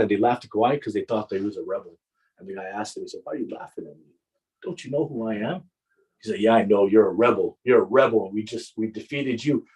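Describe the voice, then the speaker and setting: A man narrating a Muharram mourning sermon with impassioned storytelling, repeating phrases for emphasis and often halting mid-sentence. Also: fairly low pitch, darkish tone, breathy edge, low-quality recording. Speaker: majlis speaker.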